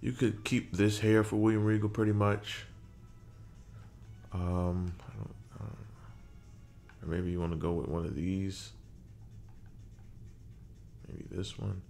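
A deep-voiced man with a gravelly, fry-heavy tone talks his way through a game's character creator. He mumbles half to himself, trailing off and cursing lightly, while faint music plays in the background. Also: steady tone, slow, long pauses, darkish tone. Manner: muttering to himself while working, mild swearing. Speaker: gaming creator. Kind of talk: casual game commentary.

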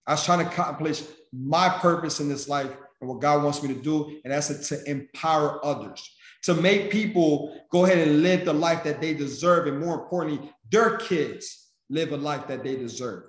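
A man's voice: on the high side, moderate pace. A man giving a motivational speech to his sales team, emphatic and preachy. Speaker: senior vice president and sales mentor. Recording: echoey room.

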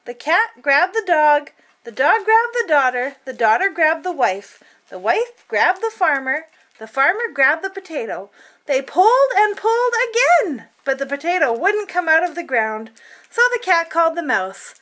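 Her voice is high and her pace moderate as she reads a picture book aloud to children, bringing an expressive, playful touch to the story.

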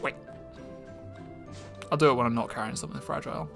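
A man's voice: mid-range voice, a little fast, gravelly, over music. A man casually commenting on a game as he plays, rambling with fillers and restarts. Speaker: streamer. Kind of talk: let's-play commentary.

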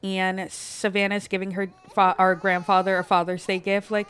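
A woman's voice: medium pitch, flat delivery, normal speed, fairly bright tone, clean tone. A young woman giving chatty, casual commentary over a life-simulation game, with plenty of "like" and "um". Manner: chatty, fills talk with "like" and "um". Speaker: gameplay commentator. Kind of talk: casual let's-play commentary.

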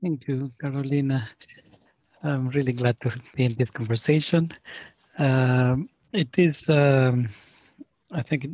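A man speaking as a sociologist guest, giving a deliberate, lecture-like explanation of his ideas. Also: medium pitch, steady tone, a little mellow, no room sound. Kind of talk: academic explanation.

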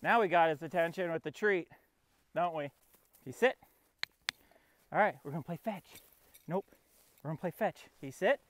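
Over a noisy background, a man with a slightly high voice talks at a moderate pace and pauses often. He's training his puppy outdoors in a field, coaxing it and explaining the steps in a casual vlog, narrating between commands.

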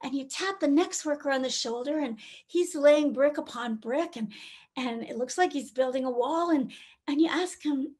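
Woman, high pitch, keynote speaker, storytelling, acts out quoted voices. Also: normal speed, darkish tone. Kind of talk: motivational talk with storytelling. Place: virtual conference, recorded remotely.

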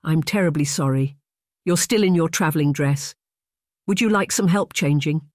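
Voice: mid-range voice, dry recording, clean studio sound, lightly acted. A reader doing a cheerful young housemaid. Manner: brisk and warmly deferential. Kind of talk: audiobook character voice.

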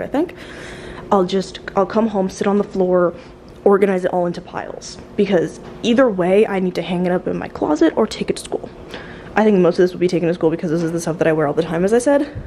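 A woman's voice: lowish voice, dark tone. Young woman vlogging on her phone, chatty and bubbly, kinda noisy audio. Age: young adult. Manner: chatty, bubbly, lots of "like" fillers. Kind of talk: casual vlog chat.

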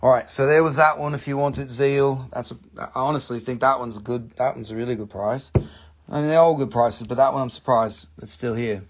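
Gravelly-voiced chatty rock seller. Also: male voice, mid-range voice, fairly even intonation, fairly quick. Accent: mid-Atlantic American. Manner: chatty, upbeat salesman patter, repeats words. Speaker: live stream rock and mineral seller. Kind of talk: casual live sales stream. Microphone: phone held in hand.

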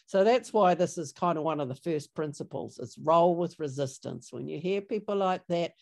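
A middle-aged workshop trainer with a deep, slightly mellow voice gives a training talk over a video call at a moderate pace. She's chatty and conversational, uses lots of fillers, and acts out sample replies.

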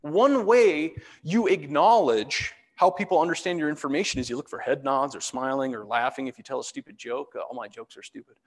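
A fairly high-voiced man presents his slides in a relaxed, chatty way and drops self-deprecating jokes as he goes. His voice rings with a long reverb, as if he is speaking in a large hall. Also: a little fast, few pauses. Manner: self-deprecating, joking asides. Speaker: fire meteorologist giving a public talk. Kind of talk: casual presentation walking through slides.

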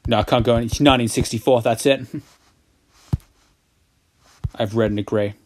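A man's voice: mid-range voice, steady tone, normal speed, a little mellow, slight background noise. A young man giving casual gameplay commentary, sarcastic and exasperated and swearing a lot at the game. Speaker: gaming YouTuber.

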